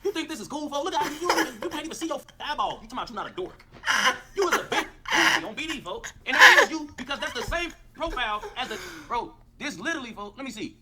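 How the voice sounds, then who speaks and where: Fast high-voiced man ranting. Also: noisy background. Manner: animated, repetitive, cursing. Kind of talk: profane livestream rant.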